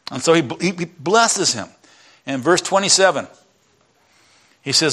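Animated male preacher, slightly high voice. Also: unhurried, pauses often, slightly rough. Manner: animated storytelling, acting out characters. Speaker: pastor. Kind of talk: sermon.

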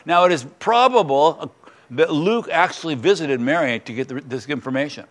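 A man's voice: fairly high pitch, lively intonation, normal speed, a bit bright. A man preaching a sermon, reading scripture aloud and adding earnest, emphatic comments in a conversational way. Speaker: pastor.

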